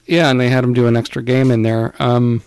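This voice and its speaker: A male podcast co-host chatting in a relaxed, rambling way, his voice carrying a gravelly fry. The sound is dry and close, with no room around it. He fills pauses with ums and uhs as he goes. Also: medium pitch, no echo. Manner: relaxed, rambling with many fillers. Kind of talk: casual chat.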